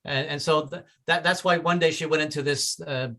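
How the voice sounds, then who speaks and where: A man doing an open mic stand-up set, stammering and repeating words, often breaking into loud voices for his relatives. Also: on the high side, steady tone, brisk. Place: small comedy club with audience.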